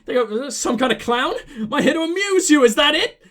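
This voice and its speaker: Brief: man voicing a surly street dealer, gruff, mock accent, brash and profane. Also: sits high, expressive, takes it slowly, exaggerated voice. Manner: brash, swearing, chuckling. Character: sleazy male drug-dealer fence, surly and defensive.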